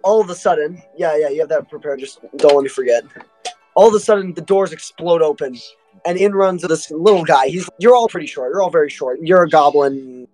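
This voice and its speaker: A woman with a lowish voice leads a tabletop game as game master. She narrates scenes in a relaxed, easygoing way with light laughter. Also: brisk, soft background music.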